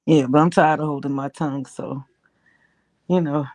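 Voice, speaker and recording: A woman's voice: deep voice, steady tone, normal speed, darkish tone. A woman guest on a livestream with a Southern US accent, speaking bluntly and emphatically in support of the host. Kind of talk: casual supportive chat.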